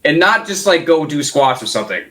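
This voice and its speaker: A young man co-hosting a podcast, trading jokes in a deadpan, playful way. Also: fairly high pitch, brisk. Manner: joking, deadpan banter. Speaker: podcast co-host, guitarist. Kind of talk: casual chat.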